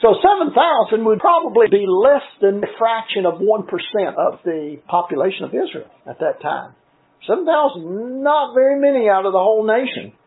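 High-voiced preacher on a tinny line. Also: male voice, lively intonation. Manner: measured, earnest teaching with frequent scripture citations. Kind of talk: sermon. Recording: tinny phone-like recording.

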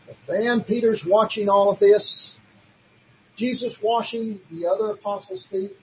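A man's voice: high-pitched, fairly even intonation, a little slow, slightly rough, lo-fi sound. A man preaching in a sermon-style Bible study, emphatic and fond of rhetorical questions. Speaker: preacher teaching a Bible class.

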